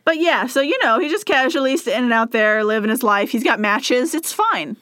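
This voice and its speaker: A woman co-hosting a casual podcast, retelling a history story in an animated way, with lots of "like" and frequent laughter. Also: fairly high pitch, a little fast, smooth, dry recording, studio quality. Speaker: podcast co-host recounting history. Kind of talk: casual chat.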